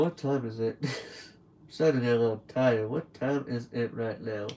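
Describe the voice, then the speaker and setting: A man's voice: medium pitch, moderate pace, darkish tone, low-quality recording. A young man streaming from home late at night, rambling through a casual story and acting out what other people said. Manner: rambling storyteller who acts out quoted people.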